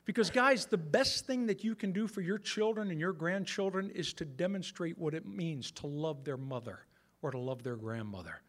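A man's voice: high voice, lively intonation, normal speed. A man in his sixties preaching a sermon in a conversational way, talking straight to the men in the room with some self-mocking humor. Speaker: pastor.

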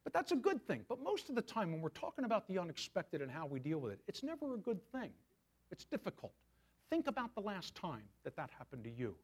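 A man's voice: high-pitched, wildly swooping pitch, brisk, slightly rough. A male pastor preaching a sermon in a conversational way, often asking his listeners questions.

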